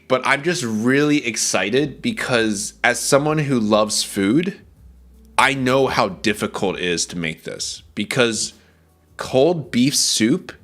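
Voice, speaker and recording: A man's voice: on the low side, fairly bright tone. A man streaming casually, talking enthusiastically about food and greeting his chat. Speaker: VTuber streamer.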